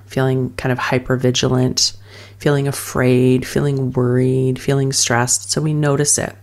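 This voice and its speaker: A woman coach teaching a calming breathing practice in a soothing, loose, filler-heavy way. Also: a bass voice. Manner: soothing, speaks in loose fragments with many fillers. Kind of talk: guided wellness teaching.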